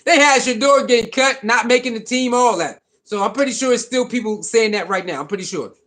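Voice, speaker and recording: High-voiced man hosting a casual livestream. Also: brisk. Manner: animated, repetitive, reads chat comments aloud. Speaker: livestream host.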